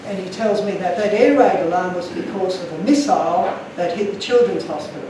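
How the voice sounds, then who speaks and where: A man's voice: high-pitched, a little fast, background noise. A man giving an emotional, earnest talk to an audience, telling stories with slides. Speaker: speaker. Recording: echoey room from far off.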